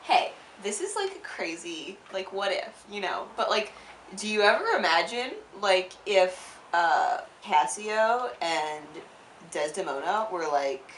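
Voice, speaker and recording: A woman's voice: medium pitch, expressive, takes it slowly, a bit bright, a little hiss or hum. A woman acting out a sly, slangy male schemer who plots in an offhand, casual way. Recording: roomy sound from a distant mic.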